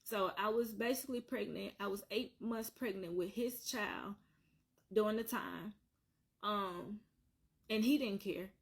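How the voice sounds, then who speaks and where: A woman's voice: medium pitch, measured pace, vocal fry, slightly rough. Earnest woman retelling a hard story. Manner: repetitive, earnest, circling back on points. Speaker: vlogger telling her own story. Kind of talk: emotional personal storytelling.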